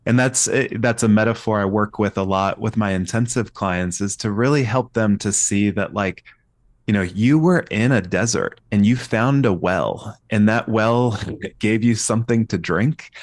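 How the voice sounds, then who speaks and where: A man's voice: lowish voice, moderate pace, dry recording. A man talking as a therapist guest on a podcast, reflective and searching, often restarting his sentences. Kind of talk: podcast conversation.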